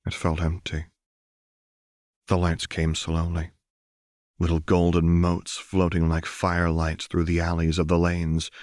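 Deep-voiced male audiobook narrator. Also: completely flat delivery, darkish tone, no echo, studio quality. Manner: slow, measured, dramatic reading. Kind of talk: scripted fan fiction narration.

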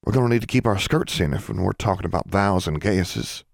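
A man voicing a calm, plainspoken country girl. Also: sits low, a little fast, creaky, no echo, clean studio sound. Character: quiet steady country girl.

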